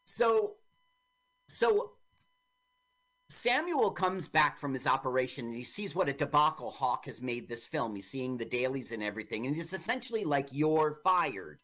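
A woman's voice: a bass voice, big pitch swings, normal speed, fairly bright tone. A woman co-hosting a radio show, chatting casually about an old film and acting out quoted lines as she retells the story. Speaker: radio co-host.

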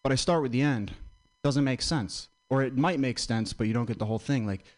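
A man's voice: mid-range voice, a little fast, darkish tone. A man doing stand-up one-liners with a bouncy delivery. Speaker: stand-up comedian.

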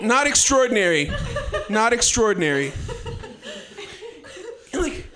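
A man in his late twenties delivering a rambling, profane stand-up comedy monologue and laughing at his own jokes. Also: extremely high pitch. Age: 20s.

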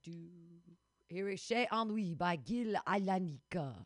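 A woman's voice: mid-range voice, animated, moderate pace, no room sound, studio quality. A woman hosting a radio show over a video call, joking and teasing in casual chat. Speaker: radio host.

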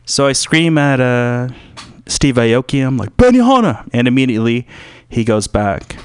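A man hosting a radio show, rambling through a joking monologue full of fillers and sudden loud put-on voices. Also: medium pitch, fairly even intonation, a little slow, smooth. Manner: rambling, jumps into loud shouted impressions; filler-heavy, loose and joking.

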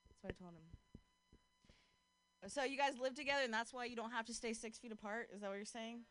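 The recording is dry: a woman with a fairly high, a bit bright voice keeps a steady tone at a normal speed. She's a stand-up comedian doing a casual outdoor set with crowd work on a street corner, relying on "like" and laughing at her own jokes.

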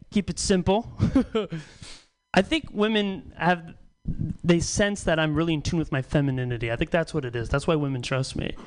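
A man's voice: on the high side, a bit bright, clean tone, poor audio. A man doing a stand-up comedy set on stage, self-deprecating and profane, rambling and chuckling between jokes. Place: comedy stage before a small audience.

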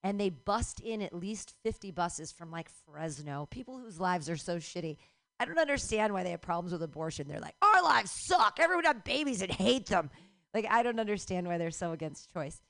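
A middle-aged woman doing a stand-up comedy set, ranting profanely and breaking into shouts. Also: fairly low pitch, expressive, fairly quick.

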